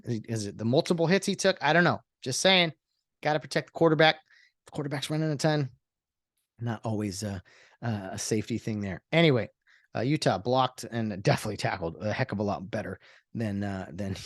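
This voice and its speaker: A man's voice: mid-range voice, dry recording, clean studio sound. A man hosting a solo podcast, rambling in casual talk with lots of fillers and sarcastic asides. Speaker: podcast host.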